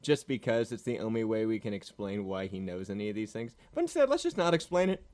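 A man's voice: lowish voice, big pitch swings, fast, darkish tone. Dry-joking man on a podcast. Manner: dry, jokey. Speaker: podcast co-host. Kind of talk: casual comedic movie review chat.

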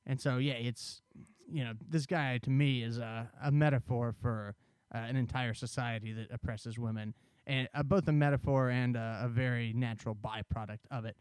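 Man, podcast co-host, casual film talk, smooth clear voice, dry close sound. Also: mid-range voice, steady tone, normal speed, few pauses, darkish tone, no echo. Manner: conversational, explains plot at length.

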